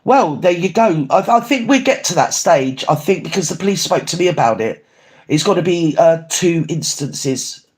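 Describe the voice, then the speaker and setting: A man's voice: expressive, moderate pace, darkish tone. A man chatting casually on a livestream, rambling and swearing as he reads out viewer comments. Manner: rambling, swears, swings pitch up and down often. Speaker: livestream host.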